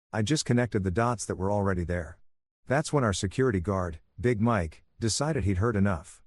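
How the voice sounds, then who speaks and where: A man narrating a first-person story in an even, soothing storytelling manner. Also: on the low side, dry recording, studio quality.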